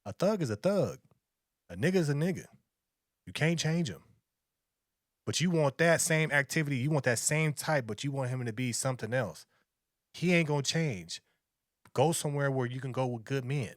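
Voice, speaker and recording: A man's voice: mid-range voice, expressive, moderate pace, pauses often, dry recording, studio quality. A man, lecturing and repeating himself as he reacts to a video. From Long Beach, California. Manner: lecturing, preachy, repetitive. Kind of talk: reaction commentary.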